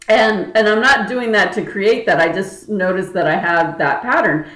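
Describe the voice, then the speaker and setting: A woman's voice: mid-range voice, normal speed, few pauses, fairly bright tone, reverberant, rough recording. A woman energy healer talking to her viewers in a casual spiritual chat, earnest and chatty, with many fillers and restarts. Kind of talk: casual spiritual talk to camera.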